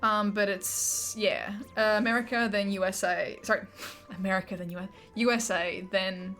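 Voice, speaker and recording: A woman's voice: medium pitch, steady tone, a bit bright, soft background music. Bubbly Australian woman streamer chatting. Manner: chatty, bubbly, quick asides to chat. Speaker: gaming streamer. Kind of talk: casual chat with live chat while playing.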